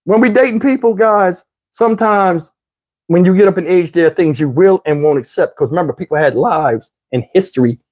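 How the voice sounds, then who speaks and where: Animated middle-aged man telling a story. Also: high voice, a little fast. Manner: animated, laughing, slangy and profane. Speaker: vlogger telling a dating story. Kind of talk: casual storytelling to camera.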